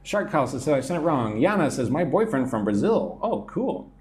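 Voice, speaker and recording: A man's voice: mid-range voice, very animated, moderate pace, slight background noise. Chatty American man teaching English live. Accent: General American. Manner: chatty, reads viewer comments aloud and answers them. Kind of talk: live-stream English lesson reading chat comments.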